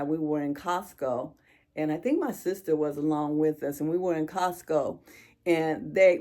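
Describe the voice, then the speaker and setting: A middle-aged woman vlogger speaking to her viewers in a heartfelt, emotional chat, halting and restarting as she talks. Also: deep voice, creaky, a little mellow.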